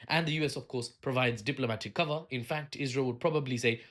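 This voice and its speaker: A man's voice: medium pitch, quick pace, few pauses, fairly bright tone. A man hosting a solo political commentary video, talking in a sardonic, rambling way with asides and fillers.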